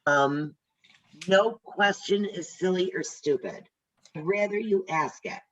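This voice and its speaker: A woman's voice: lowish voice, slow pace, lo-fi sound. An older woman teaching a class on a video call, chatty and direct, telling stories as she goes. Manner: chatty, tells stories, talks straight to trainees. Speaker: real estate instructor.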